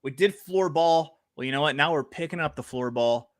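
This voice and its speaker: A man co-hosting a casual sports betting podcast, hyped and jokey, getting loud when he reads out names. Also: a little high, moderate pace. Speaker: podcast co-host.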